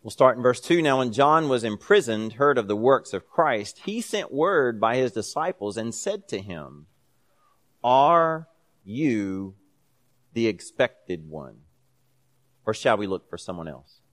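A man's voice: mid-range voice, sing-song, moderate pace, fairly bright tone. A man leading a Bible class in a conversational way, reading scripture aloud with emphasis between casual explanations. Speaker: Bible study teacher.

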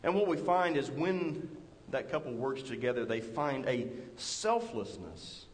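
A man's voice: sing-song, measured pace, in a large hall, a little hiss or hum, rough recording. A man preaching a sermon in an earnest way, rising and falling as he makes his points. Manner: earnest, rises and drops in pitch and volume.

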